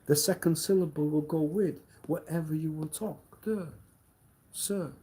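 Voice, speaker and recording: A man hosting a livestream, giving an improvised mock lecture in a preachy, theatrical way that swings between loud scolding declarations and hushed low murmurs. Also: unhurried. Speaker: livestream host.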